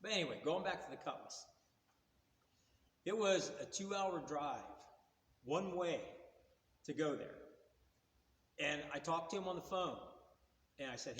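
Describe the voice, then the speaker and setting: A man in his sixties tells car stories in a casual, rambling, folksy way, with a voice pitched a little higher than most men's. The recording is roomy, and a long reverb trails behind his words. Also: lively intonation, a little slow, long pauses, fairly bright tone. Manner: rambling, folksy, plain-spoken. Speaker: car vlogger. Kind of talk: casual storytelling.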